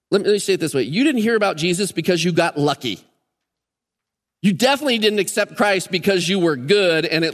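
An earnest male pastor preaching in a church sanctuary, his voice a little higher than most men's. He drives his points home by repeating words in threes. The sound carries a long reverb from the hall. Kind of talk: sermon. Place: church sanctuary during a service.

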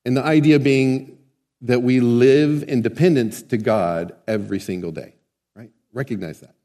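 A pastor's warm, medium-pitched voice moves at a normal speed as he preaches conversationally, turning often to the congregation with questions. Long hall reverb surrounds it.

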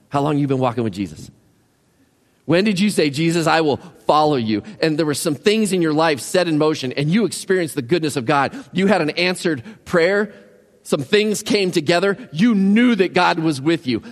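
Animated preacher in a reverberant hall. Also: male voice, on the high side, normal speed. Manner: conversational, animated preaching with rhetorical questions. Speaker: pastor. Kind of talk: sermon.

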